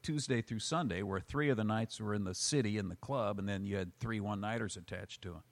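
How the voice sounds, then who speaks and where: A man in casual chat, telling stand-up comedy road stories with animated delivery. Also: on the low side, a little fast. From United States. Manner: animated storyteller, acts out loud quoted yelling.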